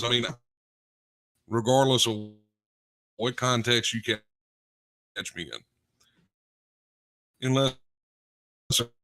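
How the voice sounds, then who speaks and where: A man with a deep voice chats casually on a podcast, telling stories and joking along. His pitch sits in the middle range. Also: a bit bright. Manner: storytelling, joking. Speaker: co-host.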